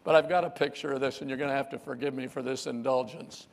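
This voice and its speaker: Emphatic preacher in a reverberant church. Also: male voice, mid-range voice, steady tone, fast, creaky. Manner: emphatic, repeats key phrases, calls on the congregation. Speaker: pastor. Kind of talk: sermon.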